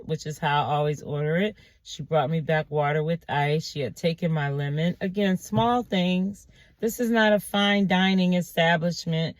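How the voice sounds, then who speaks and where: Animated woman telling a storytime. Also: no echo. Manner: animated, acts out quotes in higher voices, exasperated asides. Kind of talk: casual storytime monologue.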